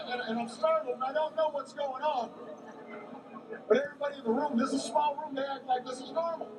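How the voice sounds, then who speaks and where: A man giving a campaign rally speech, telling a story in a halting way with many repeated words. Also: extremely high pitch. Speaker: political candidate. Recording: echoey, distant mic, background noise.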